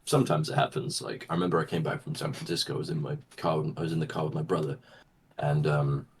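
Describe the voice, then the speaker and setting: A man's voice: very deep voice, little pitch movement, fast, husky. A man chatting as a guest, explaining things in a matter-of-fact way. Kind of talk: casual chat.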